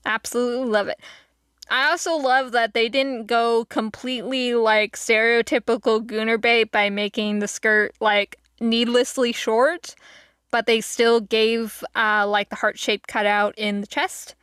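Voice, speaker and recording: A woman live-streamer talks casually to her viewers at an unhurried pace, drifting from thought to thought with plenty of fillers. Her voice is bright and higher than most, smooth and clear. The sound is dry and close. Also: fairly even intonation, no room sound. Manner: rambling, lots of fillers and laughing asides.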